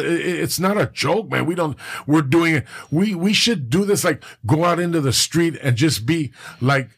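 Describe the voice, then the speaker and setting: A man's voice: on the high side, slightly rough. A middle-aged man from Southern California, a podcast guest, talking candidly in emphatic, profane, rambling street talk. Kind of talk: candid personal conversation.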